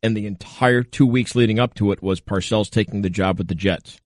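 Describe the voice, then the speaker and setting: A man's voice: on the low side, fairly quick, no echo. A man co-hosting a sports talk radio show in a studio, easygoing and teasing. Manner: easygoing, teasing, laughs along. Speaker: radio co-host. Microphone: close studio mic.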